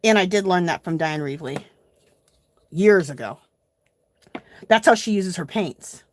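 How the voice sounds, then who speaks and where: A woman's voice: fairly low pitch, animated, measured pace, a little hiss or hum. A woman hosting a casual live art journaling tutorial, chatting to viewers as she works. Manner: chatty, addresses viewers as "you guys".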